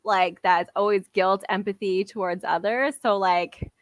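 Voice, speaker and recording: A young woman co-hosting a podcast, telling a party story in a rambling way, full of "like" and quick laughs. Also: mid-range voice, steady tone, dry recording. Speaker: podcast co-host. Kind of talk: casual chat.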